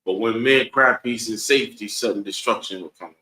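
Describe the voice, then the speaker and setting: A man's voice: lowish voice, fairly quick, sharp tone. Preachy man teaching a bible class. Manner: preachy, asks the room "right?" over and over. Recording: echoey room.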